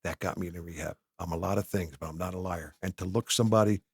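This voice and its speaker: A middle-aged man tells his story as a podcast guest, his voice low and gravelly. He talks candidly and acts out the conversations he quotes. The sound is close and dry, with no room echo. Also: steady tone, fast. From New Jersey. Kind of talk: personal storytelling in a podcast interview. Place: podcast studio.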